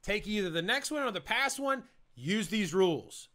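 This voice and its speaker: Punchy, bright-voiced male presentation coach. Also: sits high, big pitch swings, normal speed. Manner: punchy, emphatic, repeats key points. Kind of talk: energetic instructional talk.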